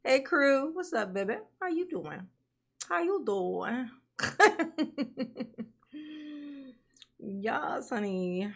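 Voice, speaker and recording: A playful woman chatting live with her audience at an unhurried, drawn-out pace, her voice pitched a little high. She laughs often and calls her viewers honey and baby as she greets them one by one. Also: sing-song. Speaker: livestream commentary host. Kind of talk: casual livestream chat with viewers.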